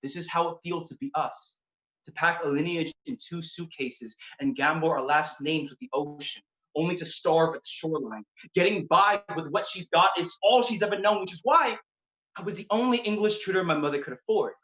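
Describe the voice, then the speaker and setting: A man's voice: fairly high pitch, a little fast, a bit bright. Emphatic man performing slam poetry. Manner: rhythmic, emphatic delivery with rising intensity. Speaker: slam poet. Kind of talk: spoken word poetry performance. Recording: dull, echoey venue recording.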